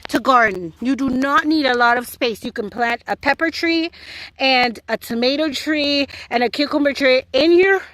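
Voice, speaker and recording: A woman's voice: high voice, normal speed, a bit bright, no echo, rough recording. A woman with a Jamaican accent giving a chatty, playful tour of her home garden. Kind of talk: casual garden tour vlog.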